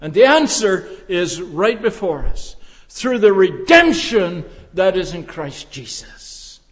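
A man preaching a sermon slowly and deliberately, building to emphatic rises. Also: sits high, sing-song, a bit bright. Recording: long reverb of a large hall.

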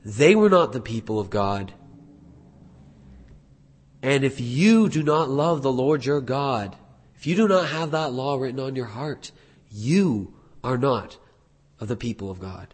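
A man preaching a sermon as pastor, earnest, building to emphatic peaks and dropping low again. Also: lively intonation, measured pace, pauses often. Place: church sanctuary. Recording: husky voice in long hall reverb.

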